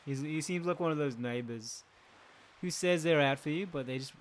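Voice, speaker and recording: A man's voice: on the high side, normal speed. Chatty man commenting on a game. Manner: chatty, talks to viewers, jokes and laughs. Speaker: gaming channel host. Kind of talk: casual let's play commentary.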